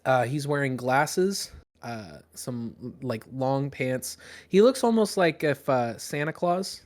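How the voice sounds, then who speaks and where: A man's voice: mid-range voice, animated, takes it slowly. A man narrating as game master in a casual, rambling way with many fillers.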